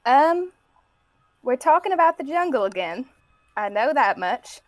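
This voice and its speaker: Woman, tabletop player, fairly high voice, dry close sound, halting reasoning. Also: very animated, no echo. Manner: hesitant, reasoning aloud. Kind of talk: tabletop role-play, in character.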